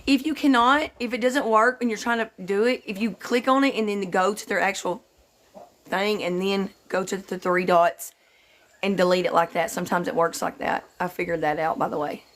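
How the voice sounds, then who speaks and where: A woman's voice: medium pitch, fairly even intonation, slight background noise. A woman hosting a casual livestream, greeting viewers by name in a loose, slightly sleepy way. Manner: slightly slow and drowsy, just woke up. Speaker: livestream host.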